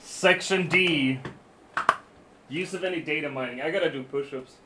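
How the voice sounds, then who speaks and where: Guy on a live stream reading legal rules out loud, kinda high voice, swears a lot, keeps tripping over his words and restarting. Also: normal speed, background noise. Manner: profane, joking, stammers and restarts often. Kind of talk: casual live-stream chat while reading terms of service aloud.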